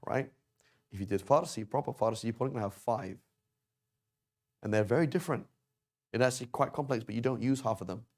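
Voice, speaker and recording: A man's voice: mid-range voice, quick pace, long pauses. A man teaching a grammar lesson at a whiteboard, explaining patiently and checking in often with "right?" and "okay?". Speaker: Arabic teacher. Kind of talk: classroom lesson on verb conjugation.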